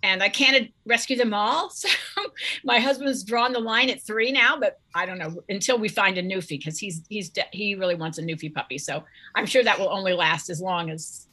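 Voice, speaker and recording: A woman author speaking as an interview guest, friendly and eager, with quick laughs. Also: medium pitch, pushed and bright. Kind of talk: casual chat.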